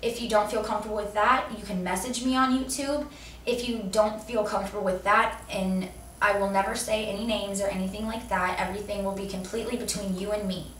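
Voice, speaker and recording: A woman's voice: medium pitch, fairly even intonation, a little fast, fairly bright tone. Young woman host, heartfelt vlog talk, mid-range voice, distant echoey camera audio. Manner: earnest and heartfelt. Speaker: vlogger host. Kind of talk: personal video message. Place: seated indoors. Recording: roomy echo, distant mic, faint room noise.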